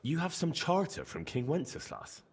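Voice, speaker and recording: A calm young game hero. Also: male voice, fairly high pitch, moderate pace. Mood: curious.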